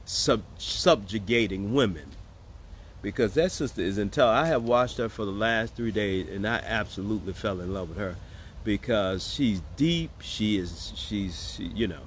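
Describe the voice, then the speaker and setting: A man's voice: on the low side, animated, moderate pace, slight background noise. A man hosting casual political commentary, joking and sarcastic as he talks straight to his viewers. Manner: joking, sarcastic and chatty, addressing viewers as y'all. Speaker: host.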